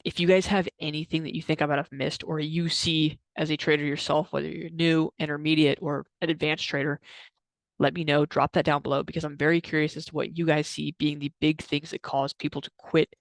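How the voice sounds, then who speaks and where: Energetic man with a gravelly voice. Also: a little high, fairly quick, no room sound. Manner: energetic, repetitive, filler-heavy. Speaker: trading coach vlogger. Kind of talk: motivational talk to camera.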